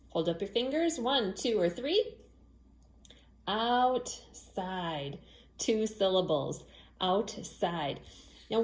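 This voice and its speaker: Woman, children's phonics teacher; slow, patient delivery, echoey room. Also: a little high, darkish tone. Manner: slow, clear, patient, spells out letters.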